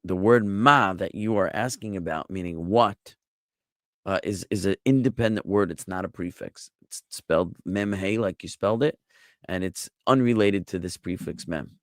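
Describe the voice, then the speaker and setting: A man's voice: deep voice, normal speed, no echo, studio quality. An American man, a rabbi, teaching a live online Bible class, explaining patiently and answering questions from the chat. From United States.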